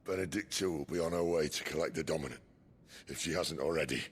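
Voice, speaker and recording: An actor playing a battered, sarcastic older male mercenary in a video game, with a gravelly, husky voice and a dry manner. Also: very deep voice, fast. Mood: sardonic.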